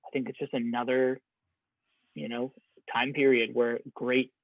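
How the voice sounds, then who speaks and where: A man's voice: medium pitch, little pitch movement, unhurried, no room sound. A man in a casual podcast conversation, talking in a reflective, rambling way with many restarts. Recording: dry, phone-like narrow sound.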